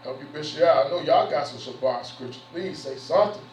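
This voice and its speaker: A bishop with a fairly high voice addresses his church service a little quickly, preachy yet conversational and repetitive. It was recorded in the sanctuary, sounding roomy, distant, and dull, with a faint hiss or hum.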